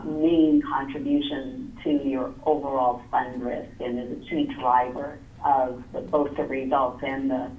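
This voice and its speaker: Woman consultant at a board meeting, gravelly, filler-heavy; distant mic in an echoey room. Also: extremely low pitch, phone-quality sound. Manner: measured, explanatory, many "um" and "uh" fillers. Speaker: investment consultant presenting to a retirement board. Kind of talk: explanatory presentation at a public board meeting.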